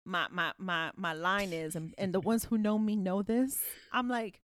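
A woman's voice: lowish voice, fairly even intonation, a bit bright, dry recording. A woman hosting a casual chat, reflective and emphatic. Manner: reflective, emphatic, quick to laugh.

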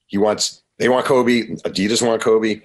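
A man, an author guest on a radio show, telling stories in an animated way and often acting out quotes. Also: lowish voice. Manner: animated, quick to act out quotes. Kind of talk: storytelling in a radio interview.

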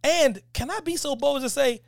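A man's voice: extremely high pitch, a little fast, vocal fry, no echo, clean studio sound. Emphatic, slangy male podcast host. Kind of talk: casual podcast chat.

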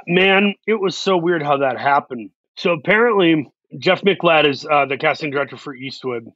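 Guy telling an animated story, kinda higher voice, dull lo-fi dry sound. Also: dry recording. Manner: animated, acts out quotes in quick voices. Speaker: actor guest. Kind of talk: storytelling interview talk.

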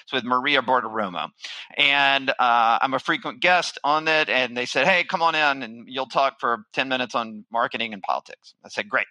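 A man's voice: mid-range voice, normal speed, sharp tone, no echo, low-quality recording. A middle-aged man giving a keynote, telling a story with animation and acting out his own panic. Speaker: keynote speaker, marketing firm founder.

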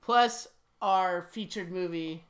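A man's voice: sits high, a bit bright. A man hosting a podcast, chatting casually and teasing his co-host. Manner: teasing, quick to laugh. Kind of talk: casual chat.

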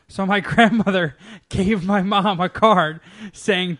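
A man's voice: high voice, normal speed, fairly bright tone. A young man chatting casually with a friend, telling a rambling, profane story and laughing often. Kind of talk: casual chat.

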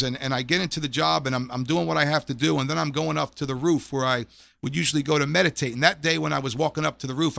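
Gravelly earnest middle-aged man. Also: fairly high pitch, bright, forceful tone, dry recording. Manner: earnest, repeats phrases when he gets emotional. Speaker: interview guest, former police officer. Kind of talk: personal faith testimony.

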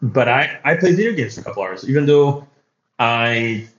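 Young guy on a podcast, rambly and halting, lots of restarts, echoey room, kinda muffled audio. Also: mid-range voice, animated. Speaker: podcast guest, startup founder. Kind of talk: candid podcast conversation. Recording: echoey room, dull lo-fi sound.

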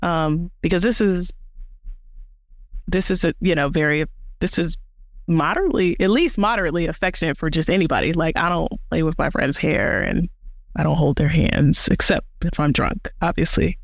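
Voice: medium pitch, normal speed, dry recording, clean studio sound. A podcast co-host in casual chat, talking loosely and laughing often.

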